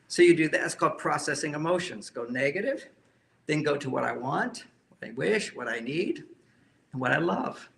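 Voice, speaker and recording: A man's voice: a little high, gravelly, fairly bright tone. A man speaking as a relationship counselor, giving an emphatic talk to a live audience and often repeating key phrases.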